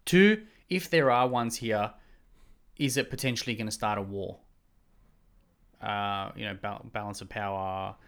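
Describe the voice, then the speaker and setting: A man's voice: fairly low pitch, a little slow, long pauses, clean tone. Man, casual chat, speculative, argumentative, long run-on points.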